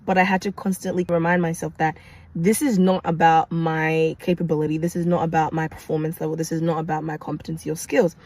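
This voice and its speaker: A young woman from Kenya, a nurse, telling a personal story to camera in an animated, emphatic way, with repetition and vocal sound effects. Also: on the low side, rough recording. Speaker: nurse sharing her story.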